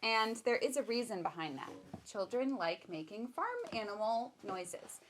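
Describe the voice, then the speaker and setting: Her mid-range voice is lively in intonation and moderate in pace as this children's museum educator runs a baby storytime at home. She talks playfully with caregivers and her toddler, with a little hiss or hum in the recording.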